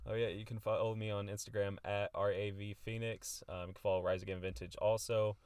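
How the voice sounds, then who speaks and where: Male podcast co-host, deep smooth voice, easygoing chatty delivery with lots of fillers. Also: little pitch movement, brisk, darkish tone, dry recording. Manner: laid-back, lots of fillers like "um" and "like". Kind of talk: casual podcast chat.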